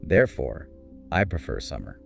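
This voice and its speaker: A man co-hosting a scripted English speaking lesson, with clear, encouraging teacher delivery. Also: extremely low pitch, sing-song, moderate pace, soft background music. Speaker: co-host of an English speaking course.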